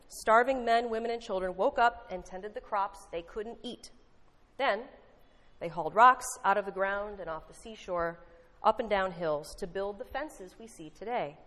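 A woman's voice: medium pitch, a bit bright. Woman preaching in an echoing hall. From United States. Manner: conversational, earnest, wry asides. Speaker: lay preacher. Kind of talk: sermon with storytelling. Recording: long hall reverb.

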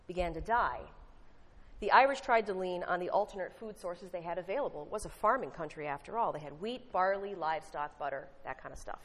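A woman delivers a sermon in a conversational, earnest manner with wry asides. Her mid-range voice carries a long reverb tail, as in a church hall. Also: medium pitch. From United States. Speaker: lay preacher. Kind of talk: sermon with storytelling.

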